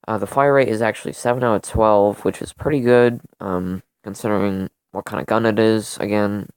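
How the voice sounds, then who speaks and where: A man's voice: on the low side, steady tone, moderate pace, a little mellow, clear, resonant tone, no echo. A young man hosting a gaming channel, casually rambling through weapon stats with lots of fillers and self-corrections. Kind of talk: casual gun comparison commentary. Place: home room during a thunderstorm.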